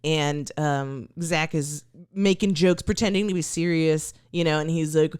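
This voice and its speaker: A woman's voice: sits low, measured pace, darkish tone, clear, resonant tone, no echo, studio quality. A woman co-hosting a podcast in casual chat, giggling and playfully acting out the people she describes. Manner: giggly, playful, quotes people in big voices. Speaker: podcast co-host. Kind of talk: casual chat recapping a TV episode.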